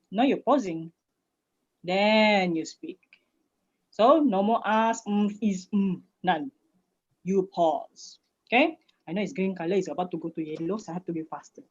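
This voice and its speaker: A woman's voice: mid-range voice, darkish tone. A woman from Malaysia with a Malaysian English accent, a public speaking coach giving an online workshop talk in a playful, teasing way, swinging her voice up and down to demonstrate. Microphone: video call. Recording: dull, lo-fi video call audio.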